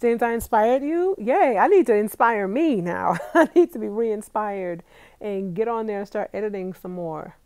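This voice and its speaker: A young woman vlogger talks casually to her viewers, reading out live comments and laughing easily along the way. Her voice sits in a middle pitch range, and the sound is dry and close, with no room echo. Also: expressive, moderate pace, a little mellow. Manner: chatty, laughs often, talks straight to viewers. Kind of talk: casual live-stream chat.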